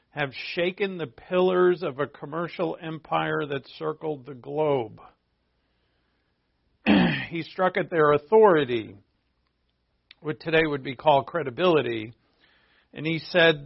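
A man's voice: fairly high pitch, creaky. A man preaching a sermon in a conversational way, with asides to his listeners. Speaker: pastor. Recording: dull lo-fi recording.

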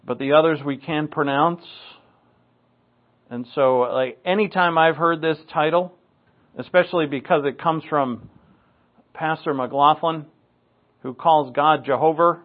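A man's voice: on the high side, unhurried, pauses often. A man from New England preaching a Bible teaching sermon in a conversational, wry way, with asides and dry jokes. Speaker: pastor. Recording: tinny phone-like recording.

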